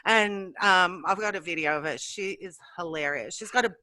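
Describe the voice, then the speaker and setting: A woman co-hosting a podcast, chatting casually and teasing with deadpan jokes. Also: lowish voice, moderate pace, no echo. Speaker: podcast co-host. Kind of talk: casual chat.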